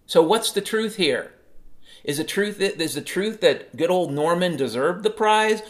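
A man in his fifties hosting a solo podcast, ranting in a sarcastic, profane way. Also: high-pitched. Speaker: podcast host.

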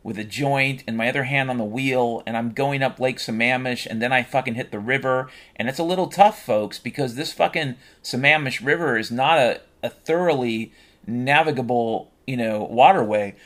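A man at an ordinary middle pitch rambles through an absurd comic tale, packing almost every sentence with swearing. He drops into flat, deadpan asides. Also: moderate pace. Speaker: storyteller. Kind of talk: comedic rambling monologue.

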